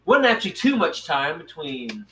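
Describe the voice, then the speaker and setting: A man's voice: a little high, huge pitch swings, moderate pace, fairly bright tone, slight background noise, low-quality recording. A man hosting a casual podcast, talking in a rambling, hesitant way with many fillers. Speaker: podcast host.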